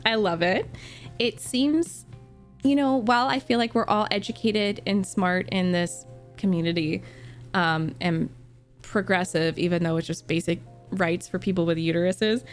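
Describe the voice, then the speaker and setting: A young woman, a book streamer, chatting excitedly with viewers, swearing and laughing often. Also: mid-range voice. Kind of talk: casual chat with viewers. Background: faint music.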